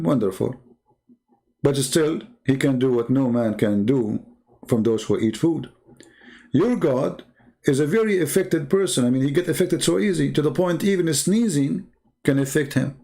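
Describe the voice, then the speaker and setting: Brief: male debater, gravelly, mid-pitched, mocking and argumentative, non-native English phrasing. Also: mellow. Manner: mocking rhetorical questions. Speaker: Christian debater.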